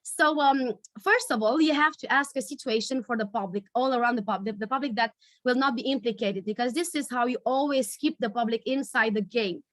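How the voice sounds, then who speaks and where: A woman leading a storytelling workshop over a video call, searching for words with many pauses and fillers. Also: fairly high pitch, no echo, studio quality. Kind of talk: online workshop teaching.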